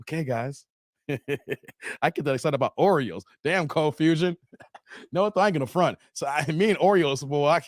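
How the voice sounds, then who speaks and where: A man in his forties hosting a casual livestream, animated and joking, calling out viewers by name and playing with his voice. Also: on the high side, normal speed, dry recording, studio quality. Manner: animated, joking, calls out chat names, playful voice changes. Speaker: livestream host. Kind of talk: casual live-stream chat.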